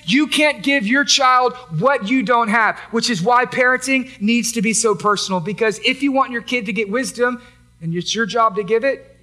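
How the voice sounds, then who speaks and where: High, bright-voiced preaching man. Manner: emphatic, repetitive preaching with rhetorical questions. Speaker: pastor. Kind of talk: sermon.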